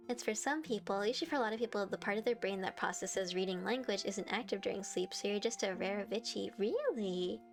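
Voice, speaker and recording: A young woman streaming live, chatting casually and giggling as she answers her chat. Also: mid-range voice.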